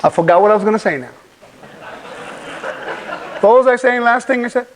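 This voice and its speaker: A man's voice: sits high, animated, fairly quick, slight background noise, poor audio. A man giving a conference sermon, preaching animatedly and putting rhetorical questions to the audience. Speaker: conference speaker. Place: conference hall.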